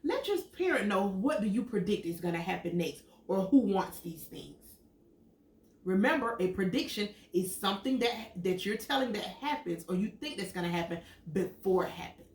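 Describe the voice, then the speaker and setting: Reading a picture book to young kids, a female teacher tells the story expressively, performing its sound words and stopping to ask them questions. She speaks with a mid-range voice at a moderate pace, and the distant mic picks up an echoey room.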